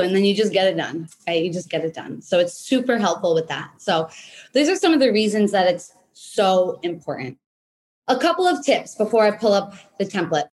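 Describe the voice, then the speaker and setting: A woman in her thirties, a business coach, leads a live online workshop in a casual, energetic way, often checking in with "right?". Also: mid-range voice, normal speed. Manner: energetic, repeats points with "right?"; casual, occasional swearing.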